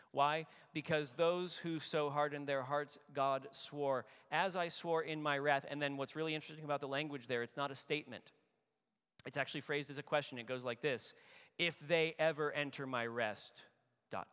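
A man preaching a sermon as a pastor, animated and storytelling, building intensity as he voices scripture. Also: medium pitch, clear, resonant tone. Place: church sanctuary. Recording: echoey hall with long reverb.

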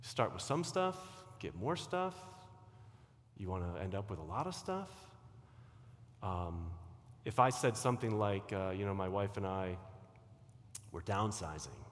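A middle-aged man delivers a sermon, leaning hard into key phrases and then dropping to quiet asides. His voice carries a long reverb from a church hall. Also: sits low, normal speed, a little hiss or hum. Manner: animated, sweeping from loud emphasis to quiet asides. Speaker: preacher.

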